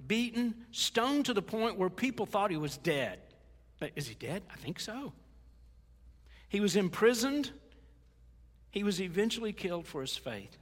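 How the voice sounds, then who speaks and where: A man's voice: sits high, fairly bright tone, slightly rough. An older man preaching a sermon as a pastor, conversational, with stumbles and folksy asides. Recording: reverberant hall.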